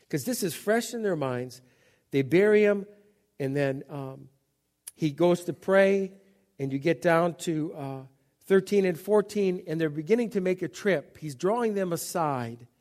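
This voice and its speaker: High-voiced man preaching a casual sermon. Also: expressive, a little slow, darkish tone. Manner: conversational, acts out Bible scenes in voices. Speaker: pastor.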